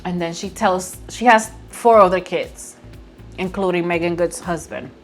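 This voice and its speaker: A woman casually recapping and reviewing a movie at home by her window, chatty and expressive, often laughing as she retells scenes. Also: on the low side, unhurried, soft background music.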